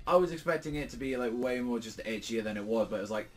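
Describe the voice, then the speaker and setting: A young British man chats loosely about a comic chapter, his voice in an ordinary middle register. He rambles through fillers, swears freely and suddenly pops into animated quoted lines. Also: mid-range voice, fast talker, soft background music. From Britain. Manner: rambling, lots of fillers and swearing, acts out quotes in jumpy bursts. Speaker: manga reviewer. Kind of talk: casual solo review chat.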